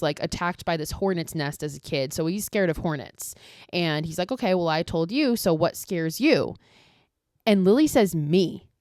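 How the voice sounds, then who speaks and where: Woman, podcast host, casual movie recap, profane and animated, lower pitch, dry sound. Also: no echo.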